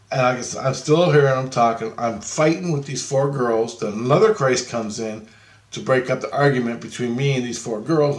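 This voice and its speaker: A man tells a long personal story in a loose, wandering monologue. He repeats himself, restarts his sentences and swears offhandedly. His voice sits at a medium pitch, and the recording has a noticeable room echo. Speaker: storyteller recounting a dream. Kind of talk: casual rambling monologue. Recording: echoey room.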